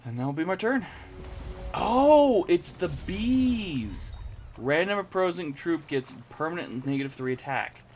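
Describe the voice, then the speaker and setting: A young man giving casual commentary while playing a card game, reacting with sudden high-pitched exclamations. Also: normal speed, slight background noise. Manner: animated, jumps into high squeaky exclamations. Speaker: gaming channel host.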